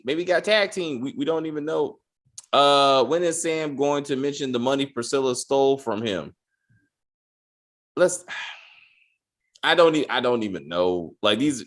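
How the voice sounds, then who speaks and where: A man co-hosting a casual TV review podcast, swearing freely and acting out characters' lines in quick exasperated bits. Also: mid-range voice, fairly bright tone. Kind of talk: casual spoiler review chat.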